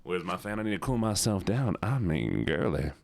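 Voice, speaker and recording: Man playing a drawling Southern belle, low and sassy, Southern US accent, teasing chat. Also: sing-song, normal speed, gravelly, a little mellow, heavily acted. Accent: put-on Southern US. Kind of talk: live game stream banter.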